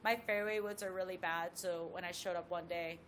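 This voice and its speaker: A woman, a professional golfer, telling a story as a guest in a casual chat with lively asides. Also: fairly low pitch, brisk, a little hiss or hum.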